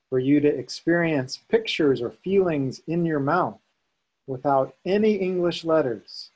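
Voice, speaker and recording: A man teaching a Sanskrit lesson, calmly explaining sounds and chanting tones for students to repeat. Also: a little high, slightly rough, poor audio. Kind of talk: slow guided chanting lesson.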